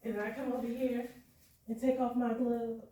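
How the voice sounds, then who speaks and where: A woman's voice: on the high side, normal speed. A woman performing spoken-word storytelling on stage at a live show, chatty and laughing often. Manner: lively, laughing often, conversational. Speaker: performance poet. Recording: echoey live room, far from mic.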